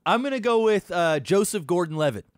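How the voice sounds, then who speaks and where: A man's voice: high-pitched, expressive, a little fast, dry recording, studio quality. A man co-hosting a podcast in casual crude banter, hesitant and stumbling, often repeating his words. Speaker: podcast co-host.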